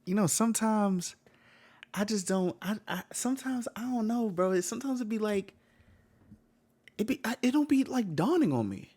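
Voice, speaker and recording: A man's voice: high-pitched, animated, moderate pace, darkish tone. A man giving heated reaction commentary on a video, blunt and slangy, swearing and repeating himself.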